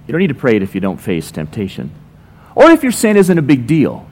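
A man's voice: medium pitch, wildly swooping pitch, a little fast, darkish tone. A man preaching a sermon as a pastor, telling everyday stories with dry, playful sarcasm. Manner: conversational, ironic storytelling with playful sarcasm.

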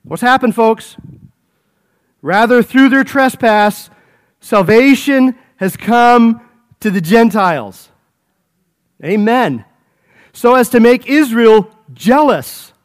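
High-voiced preacher man, exclaiming. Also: lively intonation, takes it slowly, long pauses. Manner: exclaims and repeats phrases, addresses listeners as folks. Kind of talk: expository sermon.

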